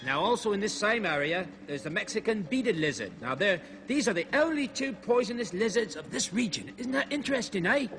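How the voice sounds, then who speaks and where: A marvelling explorer narrating wildlife film. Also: male voice, sits high, animated, fairly quick, hardly any pauses, fairly bright tone. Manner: chatty, marvelling commentary talking to the animals. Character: jolly male explorer narrating his animal film. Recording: music playing under old TV film.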